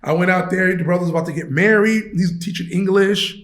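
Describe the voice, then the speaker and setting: A man from Chicago telling stories as a podcast guest, animated and slangy, laughing often. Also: high-pitched, a little fast. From Chicago, USA. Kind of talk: casual storytelling. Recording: roomy echo.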